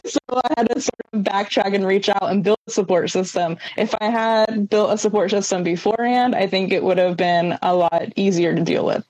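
A woman's voice: mid-range voice, moderate pace, hardly any pauses, darkish tone, no echo, poor audio. Thoughtful woman guest, dry close sound. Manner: thoughtful, hedging with "sort of" and "like", laughing lightly. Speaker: guest, animal-assisted therapy professional. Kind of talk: casual interview conversation.

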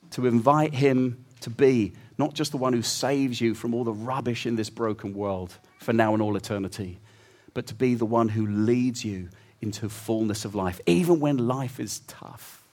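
A middle-aged man preaching a sermon. He talks earnestly, climbs to loud emphasis and drops to a soft hush. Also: mid-range voice. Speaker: pastor.

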